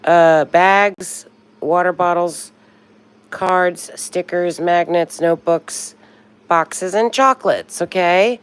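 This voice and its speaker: A woman's voice: lowish voice, slow, smooth. A woman in her sixties chatting casually on a live stream, talkative and swearing freely when frustrated. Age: 60s.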